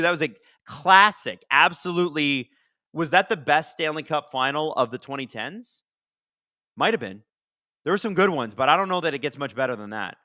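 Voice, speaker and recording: A man hosting a live watch-along of a hockey game, chatting casually and reacting excitedly to the plays. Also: on the high side, dry recording, studio quality. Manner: chatty, excitable, swears casually, talks to chat. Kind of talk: casual live-stream commentary.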